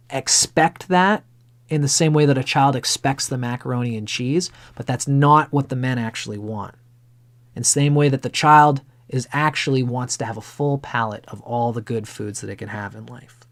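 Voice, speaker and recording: A male astrologer on a livestream chart reading, talking at a middling pitch in a loose, rambling stream. He is blunt and swears casually as he wanders from point to point. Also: a little mellow.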